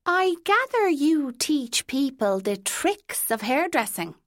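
A woman voicing an eager, anxious middle-aged woman customer who hunts for bargains and turns shrill when excited. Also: takes it slowly, no echo, clean studio sound, exaggerated voice.

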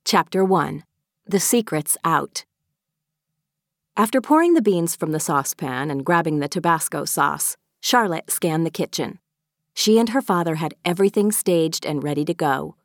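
A woman narrating a children's audiobook in a clear, measured storytelling manner. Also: low voice, lively intonation, no room sound, studio quality. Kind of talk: scripted narration.

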